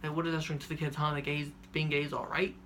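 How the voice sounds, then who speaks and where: A young man quoting his angry, cursing mother in a quieter voice than his storytelling. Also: deep voice, level tone, rapid-fire, slight background noise. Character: angry middle-aged mother, scolding and cursing.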